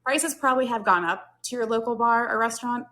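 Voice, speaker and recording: A woman's voice: fairly high pitch, a little fast, bright, forceful tone. Chatty, earnest American woman host. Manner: earnest, chatty, heavy filler use. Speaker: podcast host, hospitality worker. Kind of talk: casual talk-show chat.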